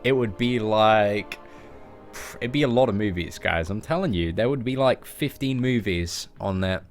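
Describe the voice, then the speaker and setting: A young man chats his way through a mobile game stream, answering viewers and cracking jokes. His pitch swings widely as he talks, while soft music plays faintly behind him. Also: expressive, normal speed. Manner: chatty, joking, reads out chat messages. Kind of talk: casual live-stream chat.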